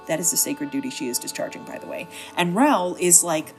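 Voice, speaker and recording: A woman's voice: low-pitched, fairly quick, few pauses, soft background music. A woman hosting a comedic book synopsis, narrating in a wry, chatty, slangy way. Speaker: host.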